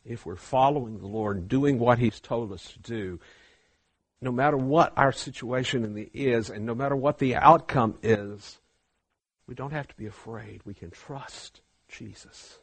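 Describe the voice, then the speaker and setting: A man preaching a sermon, swinging from hushed, slow passages to loud, fervent ones. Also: medium pitch, husky, no room sound.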